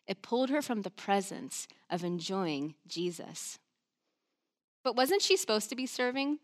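A woman preacher giving a chatty, conversational sermon, animated and full of asides. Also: mid-range voice.

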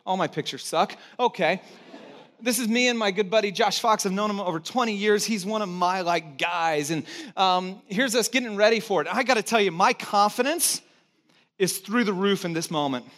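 A man with a high voice preaches in a church, a middle-aged pastor who tells stories in a lively, theatrical way. He acts out moments with sudden loud bursts, then drops low and slow when he makes a serious point. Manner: animated storytelling, acts out his own panic with sudden loud exclamations. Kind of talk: sermon.

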